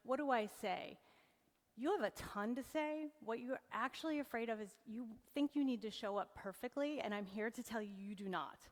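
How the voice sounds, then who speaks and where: A woman's voice: a little high, brisk, few pauses. A woman in her forties giving a humorous motivational talk to a live audience, teasing and joking as she goes. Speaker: keynote presenter. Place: event hall on stage. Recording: long hall reverb.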